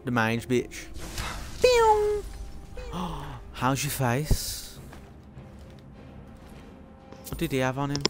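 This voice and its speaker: A young man streaming a game with friends, swearing, laughing and shouting in excitable outbursts. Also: mid-range voice, slow, long pauses, faint music behind. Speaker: gaming streamer. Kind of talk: casual gameplay commentary with friends.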